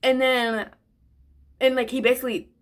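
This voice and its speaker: A teenage girl chats her way through a story time while doing her makeup. Her voice sits a little high, and she talks in an animated, slangy way. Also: normal speed. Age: teens. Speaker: vlogger. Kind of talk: casual story time during a makeup tutorial.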